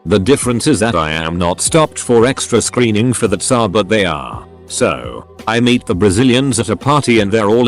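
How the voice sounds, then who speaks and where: A man reading short funny stories aloud as a scripted narration, with a lively storytelling delivery. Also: fairly low pitch, normal speed, hardly any pauses, faint music behind.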